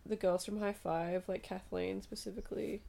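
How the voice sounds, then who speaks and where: A woman's voice: medium pitch, normal speed, creaky. A young woman in her twenties from Australia, co-hosting a podcast in casual, chatty talk, sleepy late at night. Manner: relaxed, chatty, swears and giggles. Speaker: podcast co-host. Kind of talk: casual chat.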